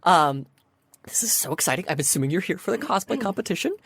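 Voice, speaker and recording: A woman's voice: on the low side, animated, fast, a bit bright, husky, dry recording, pitched above the performer's own voice, full character voice. A woman voicing a bubbly female sphinx who helps at a convention in a tabletop game. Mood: perky. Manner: bubbly, eager to help.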